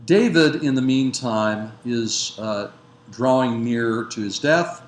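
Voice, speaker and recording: A man giving a lecture that retells a biblical narrative. He speaks in a measured way, with frequent fillers and self-corrections. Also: medium pitch. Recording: roomy echo with faint background noise.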